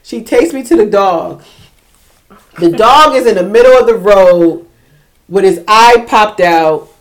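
A middle-aged woman telling a story in casual chat, animated, acting out voices and laughing in bursts. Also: mid-range voice, measured pace. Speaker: podcast co-host.

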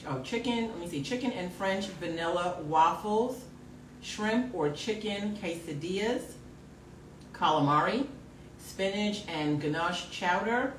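Animated woman host in a roomy echo. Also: lowish voice, measured pace, recorded from a distance, slight background noise. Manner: animated, loud at times, laughs often. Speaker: podcast host. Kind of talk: casual live-stream chat.

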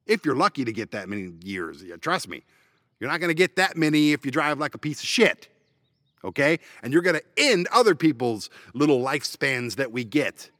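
A man's voice: mid-range voice, fairly bright tone, dry recording. Ranting man with a dry close sound. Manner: blunt, profane, sarcastic ranting. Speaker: podcast host. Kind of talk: ranting solo podcast. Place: parked van.

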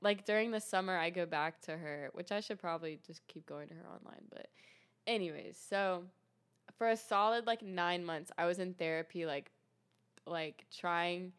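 Young woman guest, low and resonant, telling her story earnestly in relaxed chat. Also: normal speed, smooth. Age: young adult. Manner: earnest, many fillers and restarts. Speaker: guest sharing testimony. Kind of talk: casual faith testimony chat.

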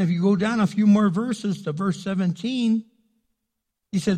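A man preaching as pastor in a casual, animated way, acting out the people he quotes. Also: sits high, measured pace, long reverb tail. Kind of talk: sermon. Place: church sanctuary.

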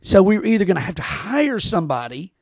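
A man's voice: high voice, sing-song, fast, darkish tone, dry recording, studio quality. A man hosting a podcast, telling rambling, profane stories with lots of restarts. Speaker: podcast host. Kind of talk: casual podcast chat.

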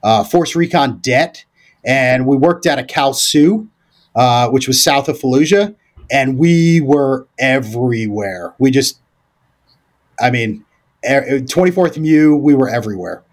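A man's voice: mid-range voice, lively intonation, measured pace. A man, a former Marine, talking as a podcast guest in a loose, rambling way, full of fillers, restarts and casual swearing. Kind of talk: casual storytelling conversation.

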